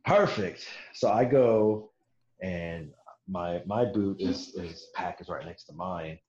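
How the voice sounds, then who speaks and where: A man with a low, slow, slightly mellow voice casually tells a military story, swearing often, laughing, and acting out the voices of the people he quotes. The recording sounds roomy, dull, and lo-fi.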